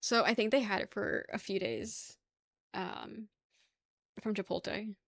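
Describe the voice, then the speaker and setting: A woman's voice: mid-range voice, fairly even intonation, measured pace, a bit bright, no room sound, studio quality. A young woman livestreaming casual chat with her viewers, rambling, laughing easily and swearing offhandedly. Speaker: livestream host.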